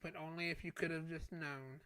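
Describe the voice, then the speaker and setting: A man's voice: fairly high pitch, fairly even intonation, a little fast, pushed and bright, smooth. A man co-hosting a casual podcast chat, teasing his friend and laughing often. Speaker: podcast co-host.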